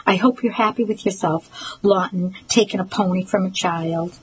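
A woman's voice: medium pitch, normal speed, husky, low-quality recording. A woman reading the part of a defiant young girl who speaks indignantly.

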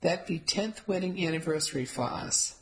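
A woman's voice: lowish voice, animated, moderate pace, close to an everyday voice, low-quality recording. A woman voicing a blunt, cranky elderly Italian immigrant woman who speaks broken English with an Italian accent. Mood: wistful. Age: older.

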